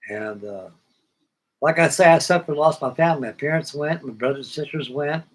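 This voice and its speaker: A man's voice: on the high side, brisk, low-quality recording. Older man telling folksy stories. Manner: folksy, plainspoken, acts out old conversations. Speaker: hobby model-building livestream host. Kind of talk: rambling personal storytelling.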